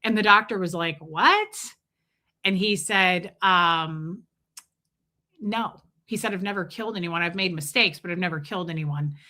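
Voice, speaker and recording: Speaking fast with few pauses, this livestream host has a low-leaning, steady, pushed and bright voice. She rambles through a personal story on a casual stream, interrupting herself to say hello to viewers in the chat by name.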